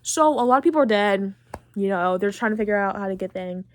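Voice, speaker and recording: A teenage girl hosting a podcast who recaps a video game in a chatty, excitable way, full of fillers. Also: medium pitch, fast talker. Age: late teens. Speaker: podcast host.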